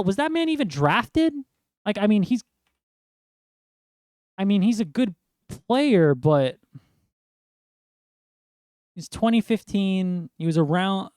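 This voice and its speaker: A man's voice: high-pitched, a little mellow, no room sound, studio quality. A young man from New York ranting about basketball trades in a rambling, exasperated way. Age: young adult. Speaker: sports fan vlogger. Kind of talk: ranting sports commentary.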